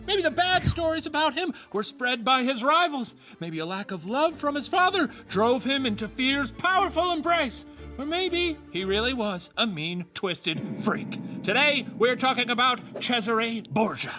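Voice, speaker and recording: A man's voice: very high-pitched, animated, normal speed, sharp tone, heavily acted. A man voicing a quirky, theatrical puppet professor who hosts a comedic history game show with exaggerated delivery, music playing underneath. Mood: storytelling.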